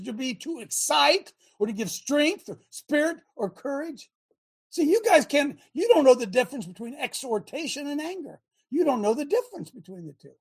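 A woman hosting a talk show, talking in an emphatic, rambling way, breaking off her own sentences and bursting into shouts. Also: high voice, big pitch swings, moderate pace. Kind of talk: animated talk show monologue.

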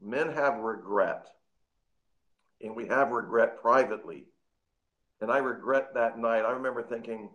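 A man earnestly recalling a past meeting and his regret, speaking haltingly and repeating himself. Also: medium pitch, a bit bright, muffled recording. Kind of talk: reflective testimony.

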